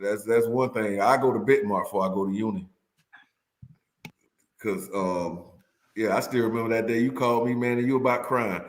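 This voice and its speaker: A man's voice: lowish voice, normal speed, long pauses, echoey room. A man as a guest on a casual podcast chat, laid-back and drawling, often throwing in "man".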